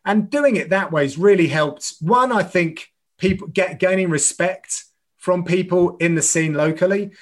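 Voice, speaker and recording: A man's voice: high voice, normal speed. A middle-aged man, an MMA commentator, talking earnestly in a podcast interview and often restarting phrases. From United Kingdom.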